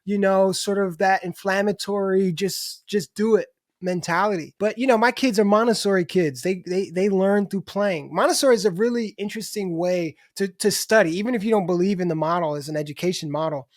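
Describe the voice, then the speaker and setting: A man's voice: sits high, brisk, few pauses, no echo, clean studio sound. A middle-aged man talking candidly as a podcast guest, restarting his sentences and swearing casually. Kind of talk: casual conversation.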